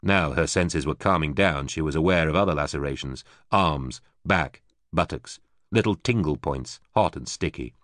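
A man narrating an audiobook in a steady, even storytelling manner. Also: very deep voice, normal speed, no echo, clean studio sound.

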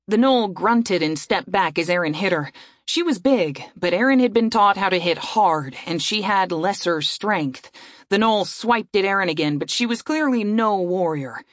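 A woman narrating a fantasy audiobook in a steady storytelling voice. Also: lowish voice, no echo, studio quality.

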